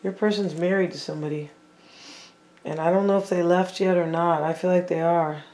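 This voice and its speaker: A casual tarot reader talks straight to the viewers, musing over each card as it turns up. The voice sits at an ordinary middle pitch, loose and chatty, often circling back with "I feel like". Now and then it slips in teasing little jokes for the audience. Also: steady tone, a little fast, a little mellow. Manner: chatty, thinking aloud, repeats and hedges with "I feel like"; playful, teasing asides to the audience.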